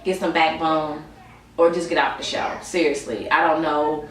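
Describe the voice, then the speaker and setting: Young woman vlogger, tired, chatty and sassy, slightly low voice, echoey room with faint background noise. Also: fairly even intonation, moderate pace. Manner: sassy, chatty, addresses viewers as y'all. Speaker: TV show reviewer. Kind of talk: casual vlog review. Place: room at home. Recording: roomy sound, mic at a distance.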